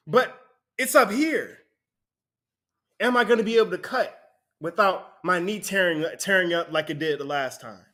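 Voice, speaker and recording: A man's voice: sits high, a bit bright. A man preaching a conversational sermon, often breaking into laughter between points.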